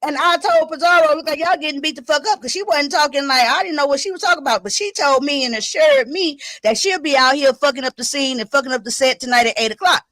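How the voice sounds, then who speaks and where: A woman hosting a casual live stream, talking straight to her viewers in an excitable, profane way. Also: sits high, fast, few pauses, no echo, clean studio sound.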